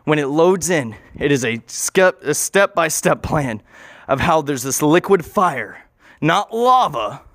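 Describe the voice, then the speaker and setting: A young man rambling through a goofy, improvised story, voice bouncing around a lot as he goes. He sits somewhat high for a man and keeps correcting himself mid-sentence. The sound is dry and close. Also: expressive, slow, a bit bright, dry recording. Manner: goofy, rambling, self-interrupting.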